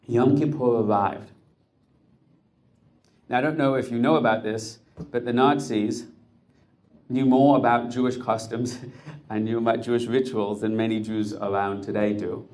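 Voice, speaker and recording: A man recounting a tense story, building suspense through clipped, punchy phrases. His delivery stays intense and deliberate, at an ordinary middle pitch. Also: steady tone, darkish tone. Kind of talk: dramatic storytelling.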